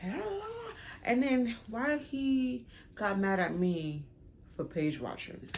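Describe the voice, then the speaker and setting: A young woman casually telling a storytime vlog about her relationship, animated and dramatic, with sudden high jumps when she acts out arguments. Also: slow, slight background noise. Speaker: vlogger.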